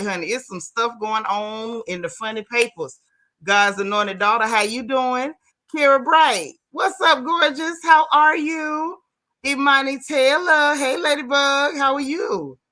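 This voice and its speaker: A woman's voice: fairly high pitch, pushed and bright. A woman hosting a live gossip stream, chatting and greeting viewers by name. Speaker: host of a live gossip show. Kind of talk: casual live-stream chat.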